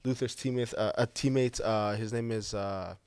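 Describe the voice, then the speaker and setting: A man's voice: lowish voice, steady tone, normal speed, darkish tone, clean tone, no echo. Young man, African accent, earnest heartfelt guest, dry close sound. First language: African language. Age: young adult. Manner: earnest, heartfelt, many fillers. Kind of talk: casual chat.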